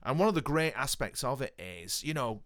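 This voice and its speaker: A man from Northwest England chatting casually about films, animated, repeating words for emphasis and swearing now and then. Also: medium pitch, fairly quick, dry recording, clean studio sound. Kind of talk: casual film chat.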